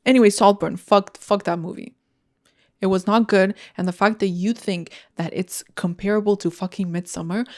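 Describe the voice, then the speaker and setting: A woman's voice: medium pitch, steady tone, normal speed, a little mellow. Blunt, profane woman podcaster. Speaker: podcast host. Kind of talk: casual solo podcast rant.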